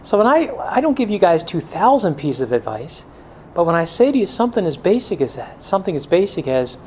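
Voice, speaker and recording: A man's voice: high-pitched, very animated, brisk, darkish tone, slight background noise, low-quality recording. A middle-aged male pastor giving a blunt, joking talk to a men's group, now and then mimicking excuses in a whiny voice.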